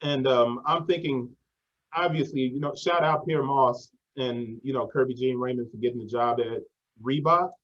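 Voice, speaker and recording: A man hosting a casual interview, talking in a relaxed, slangy way and often dropping "yo" and "man". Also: mid-range voice, normal speed, lo-fi sound. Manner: slangy and conversational, says 'yo' and 'man'. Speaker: podcast host.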